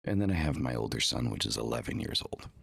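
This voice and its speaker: A man's voice: very deep voice, animated, fast talker, vocal fry, fairly bright tone, slightly rough, dry recording, studio quality. A man hosting his own live podcast, chatting casually and rambling with many fillers and repeated words, using a home streaming mic. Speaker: podcast host.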